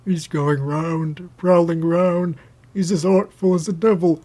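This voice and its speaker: A man's voice: a little high, steady tone, unhurried, warm tone, pitched above the performer's own voice. A man reading an audiobook, voicing a terrified male tramp who shrieks and pleads frantically.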